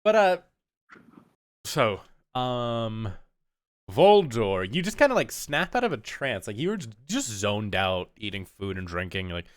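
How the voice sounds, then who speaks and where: A man narrating as game master in a tabletop game, animated and laughing often. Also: medium pitch, unhurried, clean tone, dry recording, studio quality.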